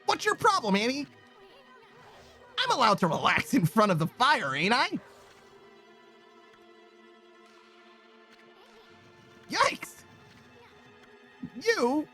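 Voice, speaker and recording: A man voicing a tiny, bossy, chatty male sidekick in a game, reading his lines in a high, brash voice. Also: wildly swooping pitch, a little slow, long pauses, bright, forceful tone, soft background music, heavily acted. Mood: cocky.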